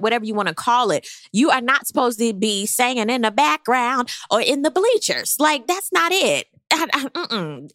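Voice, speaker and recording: A pregnant woman giving a blunt, sassy recap in casual chat, jumping into high mock voices. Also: a bit bright, dry recording, clean studio sound. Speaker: reality TV recap host.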